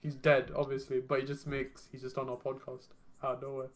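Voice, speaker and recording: A man's voice: medium pitch, monotone, brisk. A young man co-hosting a podcast, joking and teasing in casual banter with friends. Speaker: podcast co-host.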